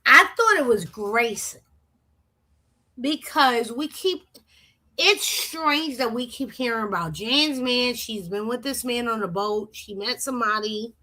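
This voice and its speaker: A woman co-hosting a casual recap chat, laying out a deliberate theory. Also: fairly high pitch, expressive, sharp tone. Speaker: podcast co-host.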